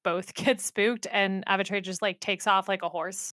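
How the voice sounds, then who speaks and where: Animated podcast co-host, young woman, smooth clear voice, dry close recording. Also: mid-range voice, normal speed, no room sound. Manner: animated and emphatic, gushing about the book. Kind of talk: casual book discussion.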